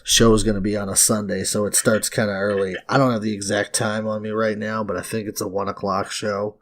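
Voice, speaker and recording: A deep-voiced young man co-hosting a wrestling podcast. He talks in a blunt, sarcastic, casual way and swears freely. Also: little pitch movement, a little fast, a bit bright.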